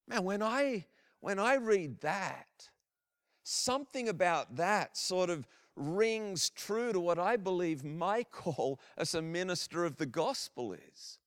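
A man preaching a sermon as a minister, earnest and animated, often restarting his phrases. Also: high-pitched, takes it slowly, no echo, clean studio sound.

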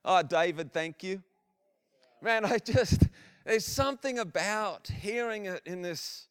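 A man preaching a sermon as a minister, earnest and animated, often restarting his phrases. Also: high-pitched, slow pace, smooth, no room sound, studio quality.

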